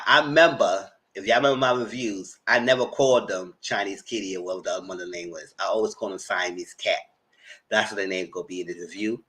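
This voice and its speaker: A man giving casual, chatty recap commentary on a reality show, often jumping into a high voice to mimic people. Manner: chatty, animated, mock-quotes people in a high voice. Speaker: TV recap host.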